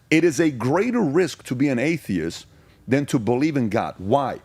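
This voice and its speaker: A man's voice: mid-range voice, animated, a little mellow, husky, no room sound. A middle-aged man from Iran, a podcast guest, telling stories in an emphatic way and hammering points through repetition. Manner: emphatic, rapid-fire repetition. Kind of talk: casual storytelling.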